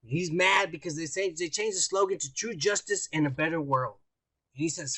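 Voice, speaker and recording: Podcast co-host, male, higher voice, swears a lot, rambles through news items in loose banter. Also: brisk, bright, forceful tone, husky, no room sound. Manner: profane, rambling, mocking news reading. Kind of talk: casual crude banter.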